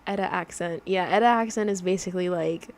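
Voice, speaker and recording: A woman's voice: on the low side, fairly quick. A young woman livestreaming her digital drawing, chatting casually and rambling with lots of fillers and laughs, her accent drifting in a mix of mimicked accents.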